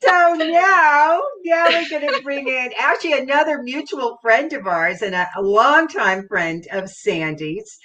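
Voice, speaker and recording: A woman's voice: sits high, expressive, a little slow, hardly any pauses, bright, forceful tone, dull audio, a little hiss or hum. A woman hosting a live online book celebration, upbeat and bubbly as she introduces guests. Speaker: host.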